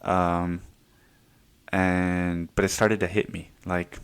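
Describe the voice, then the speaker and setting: A man's voice: deep voice, little pitch movement, slow pace, clear, resonant tone. A young man hosting his own podcast, talking through personal stories in a casual, rambling way with plenty of swearing. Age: young adult. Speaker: podcast host.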